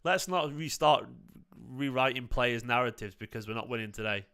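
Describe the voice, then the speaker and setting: A man's voice: medium pitch, normal speed, fairly bright tone, clean tone. A young man hosts a live football watchalong, chatty and prone to laughing fits. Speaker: football fan channel host. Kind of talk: live match watchalong commentary.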